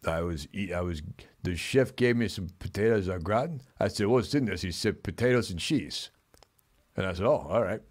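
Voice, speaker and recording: A man hosting a comedic chat show, talking in a deadpan, mumbling way. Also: low voice, normal speed. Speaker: host.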